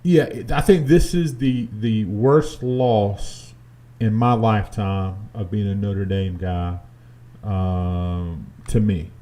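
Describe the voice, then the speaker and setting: A man's voice: fairly low pitch, slow pace. A man co-hosting a casual sports talk show in a studio, ranting and joking about college football. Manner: ranting, animated, jokey.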